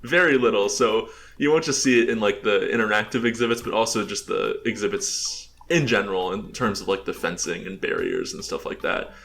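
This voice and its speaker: Low-voiced American man presenting casually. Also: fairly quick, vocal fry, hardly any pauses, a bit bright, slight background noise. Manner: rambling, heavy on filler words, chuckling. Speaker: presenter showing his game build.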